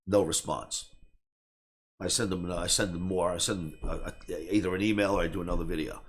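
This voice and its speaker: A man's voice: deep voice, fairly even intonation, moderate pace, a little hiss or hum. A man who teaches trading tells a story in a brash, boastful way and acts out the other people in it. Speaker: trading educator.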